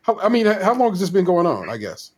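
A man's voice: high voice, huge pitch swings, fairly quick, a little mellow, husky. A man co-hosting a podcast, chiming in with slangy, emphatic remarks in casual chat. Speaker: podcast co-host.

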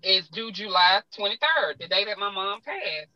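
A guest with a Southern accent pours out heartfelt personal stories, admitting she's a big talker. Her mid-range voice is animated, pushed and bright at a normal speed, though the recording is muffled.

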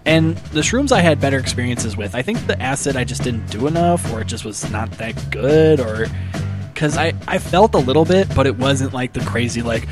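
A man's voice: medium pitch, expressive, moderate pace, over music. A man hosting a casual conversation and asking questions. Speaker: podcast host. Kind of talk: casual chat.

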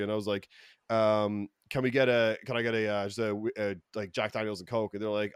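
A young Irish man telling stories in casual podcast chat, rambling and swearing, with lots of fillers and loud outbursts. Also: lowish voice, fast talker, smooth, dry recording. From Ireland. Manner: profane, rambling, many fillers and restarts, loud bursts when excited. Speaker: podcast co-host.

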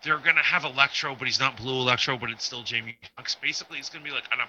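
A man's voice: medium pitch, very fast, bright, forceful tone, slight background noise, low-quality recording. A man co-hosting a casual pop-culture podcast, talking in a chatty, rambling way about rumors. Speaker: podcast co-host.

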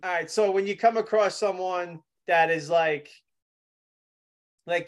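Chatty man, slightly high voice. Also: a little slow. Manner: chatty, laughs often, rambling. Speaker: podcast co-host. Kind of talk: casual chat.

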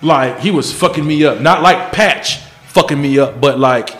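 A man telling stories in casual banter on a podcast, animated, swearing freely and acting out the people in them. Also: a little high, normal speed, few pauses, reverberant.

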